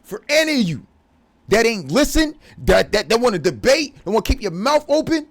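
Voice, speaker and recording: A man's voice: very high-pitched, sing-song, normal speed. A man delivering a profane, confrontational religious rant as a vlogger. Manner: profane, aggressive, preachy.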